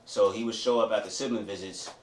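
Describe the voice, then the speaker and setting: Rambling man with a low voice in a roomy space. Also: fairly even intonation, fast talker. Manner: rambling, repeats himself, says "you know what I mean" often. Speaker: storyteller recounting childhood. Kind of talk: candid personal story. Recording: roomy echo, voice from a distance, faint ambient noise.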